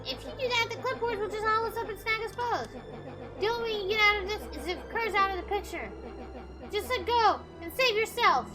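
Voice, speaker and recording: A woman's voice: very high voice, brisk. A woman voicing a pompous, cruel old man villain, haughty and taunting, with music playing underneath. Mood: scornful.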